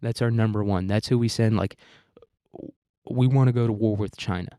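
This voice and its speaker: A young man with a rambling, crude, deadpan manner, ranting satirically as a podcast host on a close microphone. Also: lowish voice, normal speed, dry recording. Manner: rambling, crude, deadpan provocative, many restarts. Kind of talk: satirical comedic rant.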